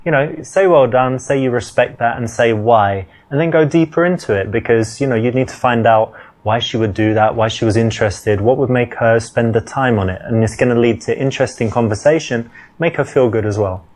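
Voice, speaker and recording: A man's voice: mid-range voice, brisk, a little mellow. A man as dating coach, explaining and advising between scenes of a game in a matter-of-fact way. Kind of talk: instructional commentary.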